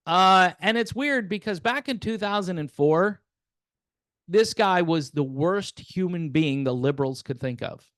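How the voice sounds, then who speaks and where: A man's voice: sits high, lively intonation, unhurried, a bit bright, no echo, studio quality. A man hosting a casual political commentary monologue, sarcastic and wry, chuckling and talking straight to his viewers. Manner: conversational, addresses viewers directly.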